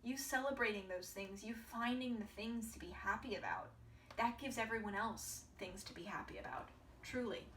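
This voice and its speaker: A woman reads tarot for her viewers in an earnest, reassuring way, and her voice sometimes sinks into soft half-whispers. The mic sits well away from her, so the sound is roomy and hollow. A faint hiss runs underneath. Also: fairly high pitch, lively intonation, moderate pace, distant mic. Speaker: tarot reader. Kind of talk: pick-a-pile tarot reading to viewers.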